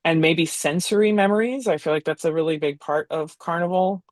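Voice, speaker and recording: A woman's voice: sits low, brisk, darkish tone, dry recording. A woman leading an art workshop, giving loose, encouraging instructions with fillers and tag questions. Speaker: workshop leader. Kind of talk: instructional talk.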